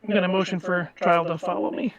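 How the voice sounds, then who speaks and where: A tabletop game player speaking in an excitable, quick way. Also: mid-range voice.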